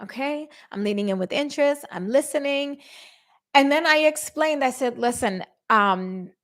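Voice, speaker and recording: Middle-aged woman podcast host, lively, acts out every quote. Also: sits high, moderate pace. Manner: animated, acts out quotes with voice shifts. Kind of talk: casual storytelling to listeners.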